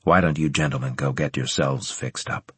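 A man voicing a calm, weary male commander who speaks in a quiet, restrained way. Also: a bass voice, moderate pace, breathy edge, no room sound, pitched below the performer's own voice, full character voice.

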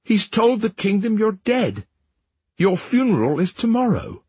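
A man voicing a gentle, loyal young handmaiden, in a read-aloud story. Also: high voice, big pitch swings, measured pace, slightly rough, dry recording, pitched above the performer's own voice, full character voice. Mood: regretful.

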